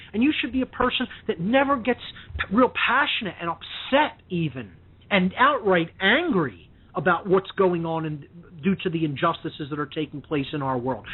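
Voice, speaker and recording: A man's voice: high voice, husky. Impassioned man on a tinny phone line. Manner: emphatic, repeats "okay?" to drive points home. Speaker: radio show guest. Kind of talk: impassioned lecturing talk. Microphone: telephone.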